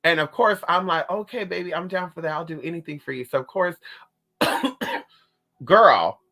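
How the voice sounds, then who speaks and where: A woman's voice: on the low side, normal speed, bright, forceful tone, soft background music. A woman telling a personal story in a sassy, dramatic way, calling her listeners honey and girl. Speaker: spiritualist vlogger. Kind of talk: casual storytelling to camera.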